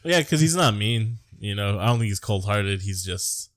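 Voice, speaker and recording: Laid-back American man, low voice. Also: lively intonation, normal speed, no room sound, clean studio sound. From United States. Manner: laid-back, crude, joking. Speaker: podcast co-host. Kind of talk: casual movie-review chat.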